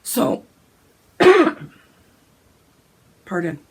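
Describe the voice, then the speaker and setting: A woman, hoarse and gravelly from a cold, chatting casually about her cross-stitch plans and often clearing her throat. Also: drawn-out words, darkish tone. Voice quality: gravelly, deep. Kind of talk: casual chat.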